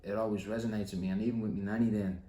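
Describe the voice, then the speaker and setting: A man's voice: on the low side, fairly even intonation, rapid-fire, warm tone. A man in his late twenties with a Dublin accent, hosting a casual podcast interview and swearing freely. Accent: Dublin Irish. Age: late 20s. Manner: casual, swears often, thinking aloud. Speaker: podcast host. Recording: roomy room echo.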